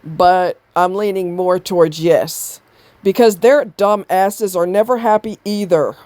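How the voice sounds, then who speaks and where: A woman's voice: lowish voice, unhurried, dark tone, dry recording. Woman ranting into the mic, fed up and cussing, super dry sound. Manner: blunt, exasperated, swears freely. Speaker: commentator reacting to a video. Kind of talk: ranting commentary.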